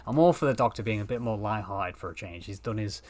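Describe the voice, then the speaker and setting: A man's voice: fairly low pitch, fast, darkish tone. A man co-hosting a casual podcast, tired and yawning after an early start at work, mostly reacting easygoingly. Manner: easygoing and reactive, short agreeing replies. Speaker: podcast co-host. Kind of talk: casual chat.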